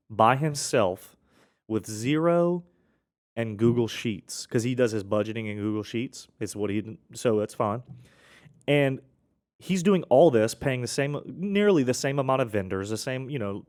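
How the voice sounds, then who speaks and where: A man's voice: medium pitch, a little mellow. A man hosting a casual accounting podcast, telling client stories with frequent restarts and a cough now and then. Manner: rambling, self-correcting, with frequent restarts.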